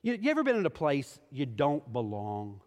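A middle-aged male pastor preaching a sermon, moving from quiet scripture reading to emphatic exhortation. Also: mid-range voice, huge pitch swings, normal speed. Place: church sanctuary. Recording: hall reverb.

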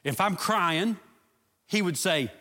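A man's voice: high-pitched, animated, slow, pushed and bright. A middle-aged man, a pastor, preaching a sermon with a story and then leading an earnest prayer. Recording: long hall reverb.

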